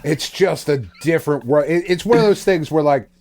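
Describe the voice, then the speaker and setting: A man's voice: on the high side, brisk, darkish tone. A man hosting a casual podcast, rambling and swearing with frequent laughs. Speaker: podcast host.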